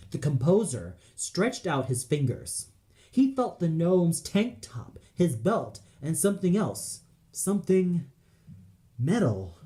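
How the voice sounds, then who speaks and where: Slow, dark-voiced male storyteller. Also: on the high side. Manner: intense, drawn-out storytelling. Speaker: audio play reader. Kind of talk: dramatic scripted narration.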